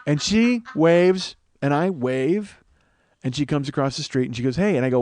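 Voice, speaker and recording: A man's voice: normal speed, a little hiss or hum. A man hosting a podcast, telling a long story in a casual, profane way and acting out what others said. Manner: animated, profane, acts out quotes in a higher voice. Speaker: podcast host.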